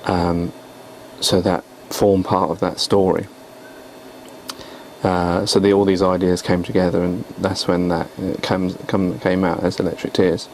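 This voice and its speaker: Deep, gravelly man rambling on his vlog. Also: level tone, measured pace, a little mellow, a little hiss or hum, poor audio. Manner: rambling, hesitant, self-deprecating. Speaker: poet and vlogger. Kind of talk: casual video blog.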